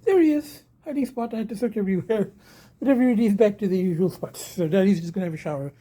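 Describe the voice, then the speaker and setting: Husky-voiced man rambling in a vlog. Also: high voice, fast, dark tone, rough recording. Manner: rambling, full of fillers and swearing; coos baby talk to his cats. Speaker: vlogger.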